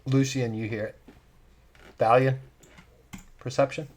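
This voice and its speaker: A man narrating as game master in a tabletop game over voice chat, animated and laughing often while he describes scenes. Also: medium pitch, unhurried, noisy background. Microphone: online voice call.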